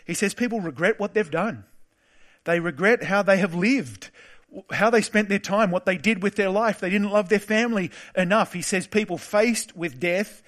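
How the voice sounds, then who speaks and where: A man preaching a sermon in a relaxed, conversational storytelling way, with occasional filler words. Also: high-pitched, moderate pace.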